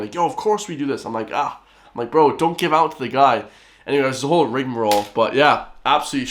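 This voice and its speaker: A man's voice: mid-range voice, fairly bright tone. A young Irish man hosting a reaction video, telling rambling stories in casual slang. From Ireland. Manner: chatty, rambling storytelling with slang.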